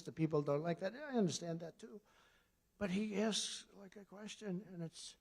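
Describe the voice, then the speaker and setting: A man in his seventies from the United States giving a rambling, sarcastic off-script speech at a political conference, jumping between loud punchlines and quiet asides. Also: fairly even intonation, a little fast, creaky. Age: 70s. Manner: sarcastic, digressive, swings between loud emphasis and low asides. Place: large conference hall before an audience.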